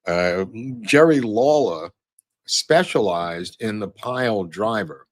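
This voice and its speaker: A man's voice: lowish voice, expressive, slow pace, no echo. A man hosting a podcast, talking casually over photos and clips in a rambling way with many fillers and restarts. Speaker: podcast host.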